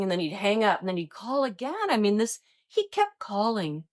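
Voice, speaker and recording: A woman in her fifties from Iowa, a retired agent telling stories in a relaxed interview and acting out the voices of others. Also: mid-range voice, normal speed. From Iowa, United States. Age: 50s. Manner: animated, acts out quoted voices. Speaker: retired DEA agent, guest. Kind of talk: casual interview storytelling.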